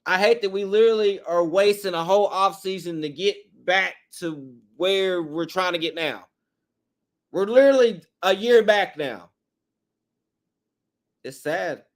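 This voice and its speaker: A man, his voice a little hoarse, hosting a sports podcast with a blunt, frustrated fan rant. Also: high-pitched. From Tennessee, USA. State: slightly hoarse.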